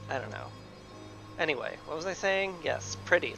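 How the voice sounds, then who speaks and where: A man's voice: a little high, expressive, moderate pace, gravelly. A man streaming a game, rambling and joking casually through his gameplay commentary. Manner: joking, rambling, self-mocking. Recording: game music behind.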